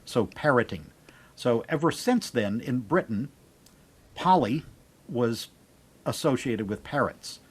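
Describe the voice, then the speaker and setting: A man's voice: medium pitch, animated, slow pace, long pauses, slightly rough. A man co-hosting a podcast, telling a history anecdote and a joke in casual chat. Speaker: podcast co-host.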